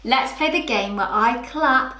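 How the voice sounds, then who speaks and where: A woman teaching young children, speaking slowly and clearly and drawing out rhyming words in a sing-song way. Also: fairly high pitch, echoey room, very noisy. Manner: slow, clear and exaggerated, stretching rhyming words. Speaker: preschool teacher.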